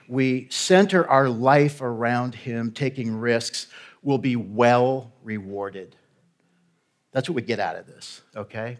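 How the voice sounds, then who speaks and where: A man preaches a sermon as a guest pastor at a middle pitch. He talks to the congregation in a direct, conversational way and keeps checking that they are with him. His tone is emphatic and urging. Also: a little mellow.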